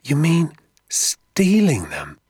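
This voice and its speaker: A man's voice: sing-song, normal speed, husky, no echo, studio quality. A man reading aloud and voicing a curious, anxious young boy with an eager, questioning manner. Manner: eager questioning, rising pitch.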